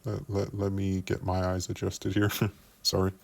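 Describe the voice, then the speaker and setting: A man's voice: low voice, completely flat delivery, creaky. A man giving investigative commentary, explaining screenshots step by step and often repeating words as he builds a point. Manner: measured, explains by walking through screenshots. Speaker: commentary youtuber.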